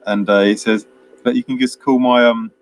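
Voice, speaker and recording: A man's voice: mid-range voice, steady tone, moderate pace, slight background noise, rough recording. A man co-hosting a film chat, casually retelling a plot in a rambling way with lots of fillers and chuckles. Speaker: film podcast co-host.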